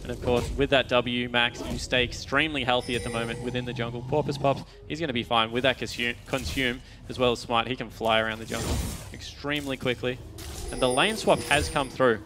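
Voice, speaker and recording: A man's voice: mid-range voice, steady tone, brisk, background noise. Australian man casting esports analytically. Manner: analytical, explains game mechanics in detail. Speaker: esports caster. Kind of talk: play-by-play commentary.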